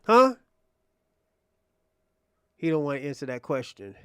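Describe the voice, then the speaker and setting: Hosting a livestream, this man talks in a highish, sing-song voice at a slightly slow pace, sounding pushed, bright, clear and resonant. The recording is dry and studio quality. He mocks and provokes his chat in a profane rant, repeating himself and restarting phrases.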